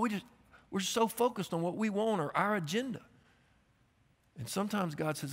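Guy preaching, pretty high voice, storytelling, church hall echo. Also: animated, normal speed. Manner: storytelling preacher, builds to shouts. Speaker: guest pastor. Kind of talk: sermon. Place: church sanctuary.

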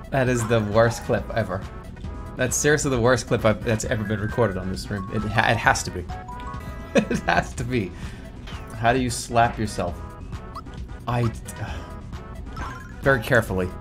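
A man streaming a video game, talking to chat in an animated way with sudden yelps and casual swearing. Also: fairly low pitch, normal speed, pauses often. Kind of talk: live gaming stream commentary. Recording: game music in background.

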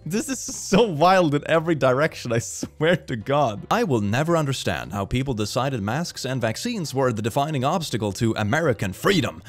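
Sarcastic young man reacting with lively swings. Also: mid-range voice, moderate pace, few pauses. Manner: sarcastic, laughs often, puts on silly voices. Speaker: reaction video host. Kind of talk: reading and reacting to posts.

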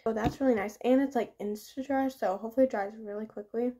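A woman's voice: fairly high pitch, steady tone, quick pace, dark tone. A teenage girl chatting casually while getting ready, giggly and chatty. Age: teens. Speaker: vlogger. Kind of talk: casual get-ready-with-me chat. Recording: music in the background. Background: pop music playing.

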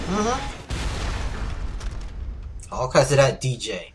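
A man's voice: mid-range voice, wildly swooping pitch, takes it slowly, a little hiss or hum. A man doing let's play commentary at his computer, swinging between shrieking reactions and muttered asides. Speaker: gaming video host. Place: at a computer, keyboard audible. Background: game music and sounds.

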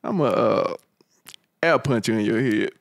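A man's voice: fairly low pitch, animated, a little slow, creaky, no echo, studio quality. A man co-hosting a casual podcast chat, joking around and playful. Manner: joking, playful, jumps into goofy voices. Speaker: podcast co-host.

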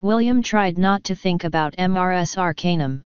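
A woman reading an audiobook aloud in a measured, even way. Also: fairly low pitch, clean tone, dry recording, dull audio. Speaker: audiobook reader. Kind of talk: audiobook narration.

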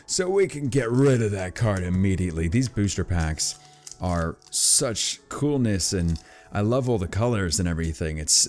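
A man with a fairly low voice talks through opening card packs in a loose, rambling way. He gets excitable and gushing when something good turns up, and faint music plays behind him. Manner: chatty, excitable, gushing over pulls. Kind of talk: casual unboxing commentary.

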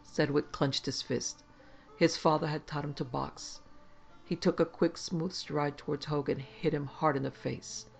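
A man narrating a horror story in a dramatic, expressive reading. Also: fairly high pitch, moderate pace, creaky, faint music behind.

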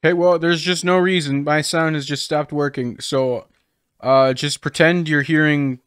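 A man's voice: on the high side, steady tone, moderate pace, a bit bright, smooth, dry recording. Young man rambling jokily over gameplay. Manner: rambling, jokey, self-mocking. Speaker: gaming video creator. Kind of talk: casual gameplay commentary.

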